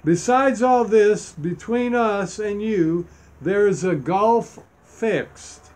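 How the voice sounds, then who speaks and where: A man's voice: high voice, takes it slowly, a little mellow. A man preaching, reading scripture aloud and stressing its key points. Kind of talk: Bible teaching sermon.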